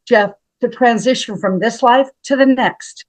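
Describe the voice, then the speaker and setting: Woman in her 70s from montana, big dramatic storyteller, guest on an interview, higher voice. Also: a little slow, dry recording, low-quality recording. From Montana, USA. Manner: dramatic, emphatic storytelling, often addresses the host by name. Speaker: guest, health practitioner.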